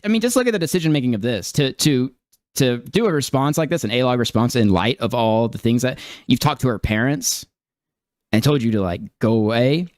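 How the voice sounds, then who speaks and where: A man's voice: medium pitch, expressive, a little fast, darkish tone, dry recording, studio quality. A man giving casual reaction commentary on a stream, incredulous and laughing, with many fillers and restarts.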